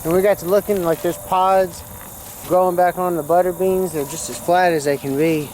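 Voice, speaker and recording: High-voiced man rambling in his garden. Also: fairly even intonation, normal speed, a little mellow, slight background noise. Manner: rambling, folksy, chatty. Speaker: gardening vlogger. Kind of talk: casual walk-through commentary. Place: outdoor vegetable garden.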